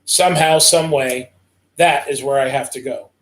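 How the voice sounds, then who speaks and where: A man's voice: mid-range voice, moderate pace, fairly bright tone. A man reading a first-person novel aloud in an earnest, tense storytelling manner. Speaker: reader.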